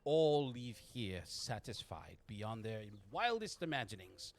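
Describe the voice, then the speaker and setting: A man voicing an older woman shopkeeper who is fussy and flattering, talking in a prim, airy, ingratiating way. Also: mid-range voice, slow.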